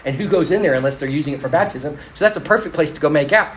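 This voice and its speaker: Middle-aged guy preaching, higher voice, chatty storytelling, talks straight to the crowd, laughs at himself. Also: fast talker, roomy sound, a little hiss or hum, poor audio. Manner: conversational and self-deprecating, addresses the crowd directly. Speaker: pastor. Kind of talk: storytelling sermon to a congregation.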